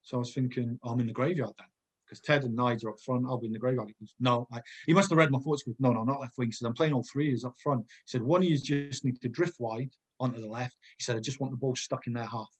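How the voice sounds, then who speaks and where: A man in his fifties tells his old football stories at a relaxed, rambling pace. His voice is husky and a little rough. He keeps wandering off into side stories and laughs as he goes. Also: mid-range voice, quick pace. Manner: rambling anecdotes, digresses, laughs often. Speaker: former footballer guest. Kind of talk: casual storytelling chat.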